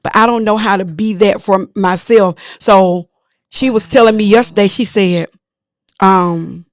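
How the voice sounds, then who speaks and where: A woman's voice: medium pitch, measured pace, no room sound. Earnest confessional woman, dry close mic. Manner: earnest, confessional, animated when retelling. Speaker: podcast co-host. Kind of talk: candid casual chat.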